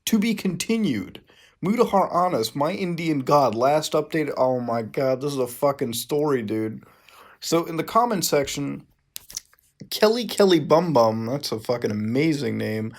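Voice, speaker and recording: A man with a gravelly, creaky voice reads fan fiction aloud for laughs. He keeps breaking off into exasperated, profane asides. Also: on the high side, expressive, moderate pace. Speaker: YouTuber. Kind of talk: comedic reading of fan fiction with commentary.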